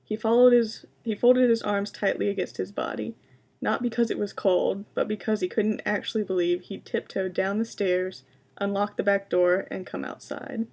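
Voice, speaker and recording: A woman giving a booktalk presentation, introducing books and reading excerpts aloud in a quiet, measured way. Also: medium pitch, fairly even intonation, gravelly. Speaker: library science student presenting books.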